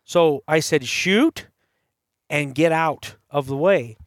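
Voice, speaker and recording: Animated storytelling man, dry close sound. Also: on the high side, slow pace, dry recording. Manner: animated storyteller, acts out quoted voices. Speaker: podcast host. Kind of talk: casual storytelling. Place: campside.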